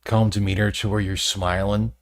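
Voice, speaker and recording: A man's voice: lowish voice, flat delivery, moderate pace, no room sound, clean studio sound. A man on a casual podcast making wry, sarcastic remarks. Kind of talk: casual chat.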